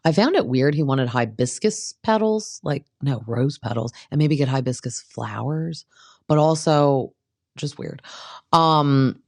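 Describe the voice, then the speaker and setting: A woman's voice: extremely low pitch, normal speed, a little mellow, dry recording, clean studio sound. Chatty gossiping woman podcast host. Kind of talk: casual recap commentary.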